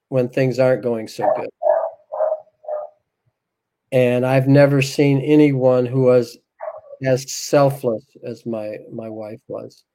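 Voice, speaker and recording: A man with a mellow, rounded voice sits as a guest in an interview. He talks in a soft, reflective, unhurried way, sharing a heartfelt personal story. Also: medium pitch, rough recording.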